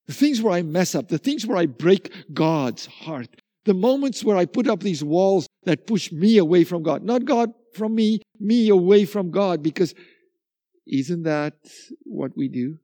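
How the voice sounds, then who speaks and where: Pastor, male, lively sermon delivery, high mellow voice, dry close sound. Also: unhurried, no room sound. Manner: animated, acts out little dialogues, repeats himself.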